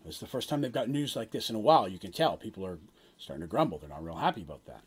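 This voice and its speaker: A man's voice: on the low side, expressive, very fast, breathy edge. A man runs a tabletop game, telling the scene in a loose, rambling way. His voice moves up and down a lot as he talks. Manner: casual, rambling narration with restarts. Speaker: game master.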